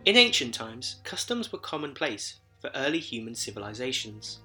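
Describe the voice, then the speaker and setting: A man hosts a podcast with a cutting, forceful edge to his tone, even though a head cold leaves him sounding a little thick. He reads his script in a measured, storyteller's way at an ordinary pitch, with soft music playing faintly behind him. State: has a head cold, voice slightly deep and sick. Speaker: podcast host.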